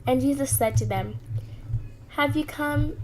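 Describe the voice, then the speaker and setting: A woman reading scripture aloud in an earnest, steady way, with small restarts. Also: sits high, measured pace, slight background noise, rough recording. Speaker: Bible reader.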